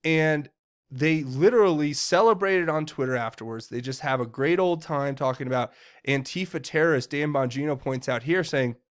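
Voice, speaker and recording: A man's voice: on the high side, moderate pace. A man giving heated political commentary, indignant and often stumbling and repeating words.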